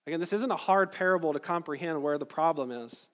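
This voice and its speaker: A male pastor with a somewhat high voice, preaching in an easy, conversational way. He goes through the text verse by verse and stops to quiz his listeners. His voice carries a long reverb from a large hall. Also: fast talker, few pauses, fairly bright tone. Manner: conversational, explains verse by verse, asks the crowd questions. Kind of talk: sermon.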